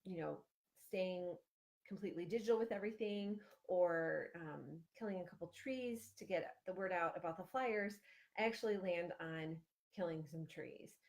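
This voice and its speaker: A woman's voice: on the low side, normal speed, a little mellow. A woman in her thirties from Ohio, giving chatty parent-group advice on a livestream, with lots of fillers and restarts. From Ohio, USA. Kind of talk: casual livestream advice talk.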